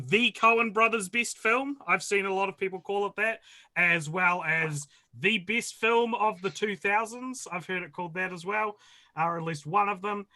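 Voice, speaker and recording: A man hosting a casual movie podcast, chatty and quick to laugh. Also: high-pitched, bright, forceful tone. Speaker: podcast host.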